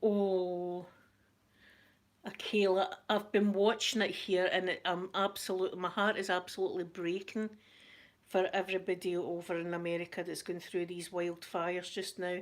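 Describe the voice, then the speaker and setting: A middle-aged Scottish woman, hosting a live chat, telling a story in a chatty, animated way. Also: on the low side, normal speed. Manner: chatty, animated retelling with laughter. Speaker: livestream host.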